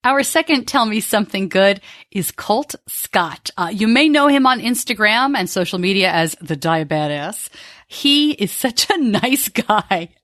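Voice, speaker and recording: A woman's voice: medium pitch, lively intonation, measured pace, a bit bright, no echo, clean studio sound. A middle-aged woman hosting a podcast, talking in a heartfelt, openly emotional way about her listeners and her own family. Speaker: podcast host. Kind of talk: conversational podcast talk.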